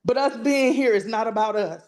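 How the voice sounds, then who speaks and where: A woman's voice: on the high side, moderate pace, darkish tone. Fervent woman hosting an online meeting. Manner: fervent, churchy, addresses audience as y'all. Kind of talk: emotional closing remarks to a group.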